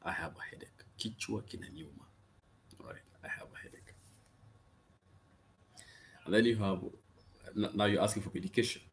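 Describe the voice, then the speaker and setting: A man teaching useful phrases in a casual lesson, patiently repeating each one slowly and checking in with frequent okays. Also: fairly low pitch, whispered. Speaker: Swahili language teacher. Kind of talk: casual spoken language lesson.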